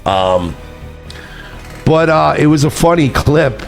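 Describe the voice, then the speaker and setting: A man's voice: a little high, animated, slow, vocal fry, faint music behind. A man streamer delivering heated, profane, repetitive commentary, ranting and reacting to clips. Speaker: streamer host.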